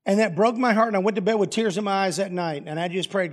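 A man's voice: high voice, fairly even intonation, fast talker, few pauses. A middle-aged man preaching, telling family stories in a folksy, plainspoken and humorous way. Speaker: pastor. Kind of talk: storytelling sermon.

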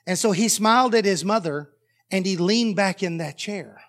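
Male pastor, high-pitched, delivers a lively story-driven sermon. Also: moderate pace. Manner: animated storytelling that acts out dialogue.

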